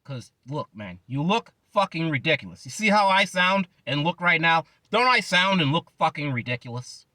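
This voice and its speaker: A man doing a thin, bright, bass-free put-on voice, airy and pitched up high, in a mocking, exaggerated way. The sound is dry and close, with no room around it. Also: big pitch swings, normal speed, hardly any pauses, no room sound. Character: adult man in a put-on soft, bass-less, overly proper voice.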